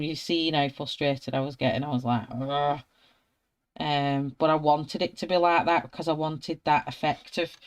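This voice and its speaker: A Lancashire woman with a broad Wigan accent talks through her colouring work in a relaxed, chatty way. She laughs often and greets her viewers by name as she goes. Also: sits low. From Wigan, England. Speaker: art tutorial host. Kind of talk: live colouring tutorial chat.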